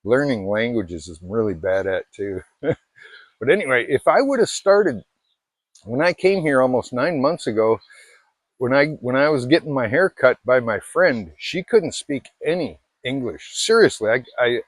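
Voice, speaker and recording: A middle-aged man from Alaska talks casually to his viewers. His voice sits at an ordinary pitch and sounds dry and close, with little room around it. He rambles, pokes fun at himself and restarts his sentences often. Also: expressive, normal speed, no room sound. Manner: rambling, self-deprecating, many restarts. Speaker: vlogger. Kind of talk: casual chat to camera.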